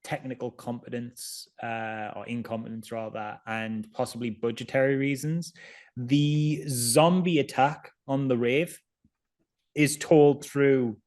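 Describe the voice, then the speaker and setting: A man's voice: medium pitch, fairly even intonation, measured pace, darkish tone. A man in a casual podcast chat about a bad horror film, talking wryly and sarcastically and often restarting his sentences. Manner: wry, sarcastic, rambling with restarts. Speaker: podcast co-host.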